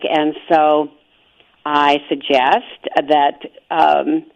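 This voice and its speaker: A woman's voice: low voice, animated, unhurried. A woman hosting a radio talk show who works as a therapist, affirming her guest with frequent agreeing murmurs. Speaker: radio host and sex therapist. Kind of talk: radio interview. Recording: slightly dull lo-fi radio audio.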